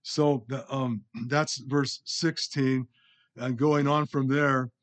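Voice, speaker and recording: Male preacher, mid-pitch, chatty verse-by-verse teaching, self-deprecating, many restarts. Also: fairly even intonation, slow. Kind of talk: sermon teaching.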